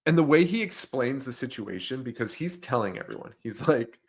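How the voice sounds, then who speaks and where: A young man chatting on a podcast at a middle pitch, recapping a movie scene by scene. He laughs often and slips into quoted lines of the characters as he goes. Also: fairly quick, hardly any pauses, breathy edge. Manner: laughs often, animated retelling with quoted voices. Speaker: podcast co-host. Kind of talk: casual movie-recap chat.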